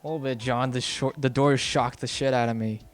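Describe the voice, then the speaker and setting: A man at a tabletop game, speaking in a quiet, flat, deadpan way at a medium pitch. Faint music plays behind him. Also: brisk. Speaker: player. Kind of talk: tabletop role-play.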